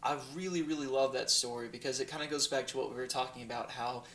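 A man hosting a faith talk, responding in a steady, reflective way. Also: mid-range voice, fast. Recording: roomy with faint background noise.

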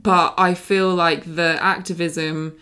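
Young woman, podcast host; candid, emphatic, slightly low voice, casual chat. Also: level tone, takes it slowly, pushed and bright. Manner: frank, emphatic, reflective. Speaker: podcast host interviewing her mother. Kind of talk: casual conversation.

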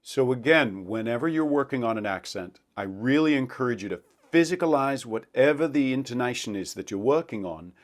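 A man's voice: mid-range voice, animated, fairly quick, hardly any pauses. A man working as a dialect coach for actors, explaining pronunciation and demonstrating sounds as he talks. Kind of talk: instructional talk to camera.

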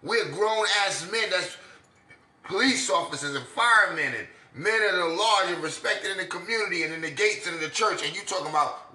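A man's voice: sits high, normal speed, bright, forceful tone, roomy sound. A man giving a scornful, preachy rant as he reacts to clips for his viewers. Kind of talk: ranting video commentary.

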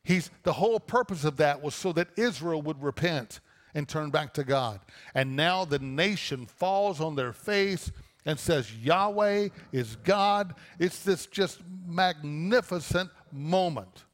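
A man's voice: on the high side, measured pace, in a large hall. A man preaching a sermon, reading a scripture passage aloud and then explaining it with rhetorical questions. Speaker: pastor.

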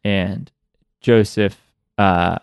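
An American man with a lowish voice chats casually on a podcast, slipping in wry jokes and quick asides. The sound is close and dry, with no room around it. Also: fairly even intonation, gravelly, clean tone, no echo, dull audio. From United States. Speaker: podcast host. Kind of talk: casual recap chat.

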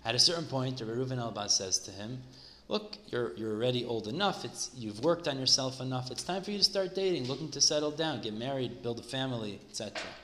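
A man's voice: medium pitch, fairly bright tone. A man casually retelling a religious story, his talk sprinkled with Hebrew and Yiddish terms. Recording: echoey room with faint background noise.

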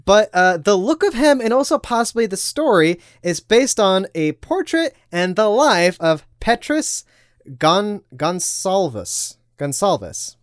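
A man's voice: sits high, sing-song, a little slow, few pauses, no echo, studio quality. A man co-hosting a podcast, chatting casually and rambling with many fillers and restarts. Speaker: podcast co-host. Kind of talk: casual chat.

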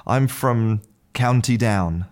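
A man voicing an excited young male drunk at a bar, speaking high and eager with amazement in a spoken joke. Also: slow pace, natural voice. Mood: amazed.

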